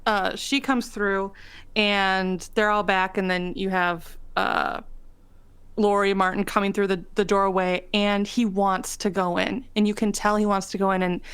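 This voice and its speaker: A woman's voice: mid-range voice, level tone, measured pace, a bit bright, clean tone, no echo. A woman co-hosting a casual livestream chat, telling a story with enthusiasm and drawing it out. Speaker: podcast co-host.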